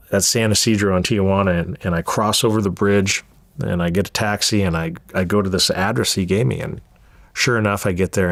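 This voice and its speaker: Guy from socal telling his story in an interview, kinda low voice, swears a lot, trips over his words, dry close mic. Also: vocal fry, no room sound. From Southern California. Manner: candid, profane, repeats words as he goes. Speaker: interview guest.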